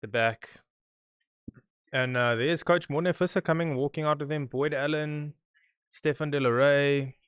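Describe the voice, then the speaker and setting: A man's voice: a little high, steady tone, measured pace, a bit bright, clear, resonant tone, no room sound, studio quality. A young man hosting a live watch-along podcast, chatting casually and calling out to his viewers for predictions. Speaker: podcast host.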